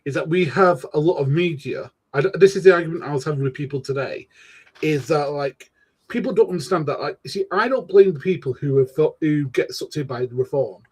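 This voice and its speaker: A man with a husky, slightly high voice hosts a casual political talk. He rambles and restarts his sentences, with mild slang mixed in. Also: a little fast, darkish tone.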